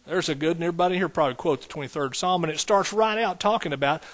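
A man preaching from the pulpit, his voice sitting a touch high for a man. He drives his points home with repeated phrases and slips into homey, conversational asides between them. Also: racing. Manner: repetitive preaching cadence, folksy asides. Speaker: pastor. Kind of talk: sermon.

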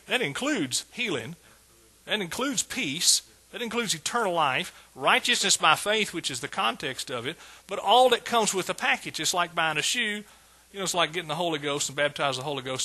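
A man delivers a sermon in a strikingly bright, husky voice pitched a little high. He talks emphatically, jumping from hushed asides into loud bursts of praise. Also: low-quality recording. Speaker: preacher.

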